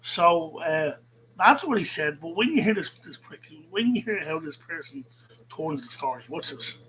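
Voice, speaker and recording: A man's voice: a little high, big pitch swings, normal speed, a bit bright, a little hiss or hum, rough recording. A man hosting a show, ranting profanely and sarcastically as he reacts to a rival's video. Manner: combative, sarcastic, swears a lot. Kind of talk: profane heated rant.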